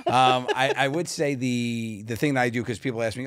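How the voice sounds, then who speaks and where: A man's voice: medium pitch, normal speed, dry recording. A man co-hosting a comedy podcast, chatting casually, joking and laughing often as he repeats himself. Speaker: podcast co-host.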